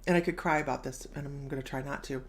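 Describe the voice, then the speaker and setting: A woman's voice: a bass voice, steady tone, fast talker. Bubbly woman chatting on a live stream. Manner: bubbly, laughs often, reads viewer comments aloud. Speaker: psychic medium host. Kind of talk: casual live-stream chat.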